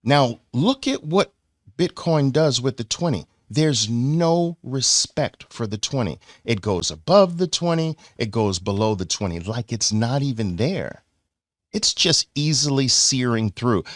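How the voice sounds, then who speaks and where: Man, New York accent, trading lesson, unhurried, swinging pitch, playful. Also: no room sound, studio quality. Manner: animated, playful, acts out voices for the moving averages. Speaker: trading educator. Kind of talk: chart lesson.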